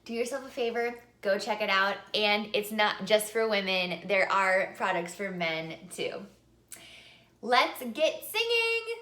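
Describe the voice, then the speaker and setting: Bright, upbeat woman singing teacher. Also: medium pitch, steady tone, measured pace, few pauses, reverberant. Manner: upbeat, demonstrative, sings example phrases. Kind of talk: vocal lesson to camera.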